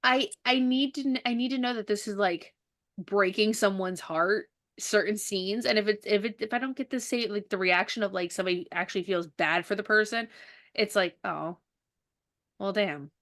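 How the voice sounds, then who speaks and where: A woman hosting a casual book podcast, talking in a lively, chatty way. She tells stories with energy, slipping into quoted dialogue as she goes. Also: medium pitch, a little fast. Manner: animated storyteller who acts out dialogue. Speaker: podcast host and author. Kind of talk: casual chat.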